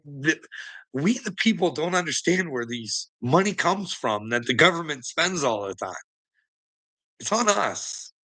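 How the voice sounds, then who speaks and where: A man's voice: on the high side, bright, forceful tone, no room sound, low-quality recording. A man ranting in casual, profane talk to a viewer, laughing often and mocking as he tells stories from work. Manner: addresses a viewer as "little me" and "buddy".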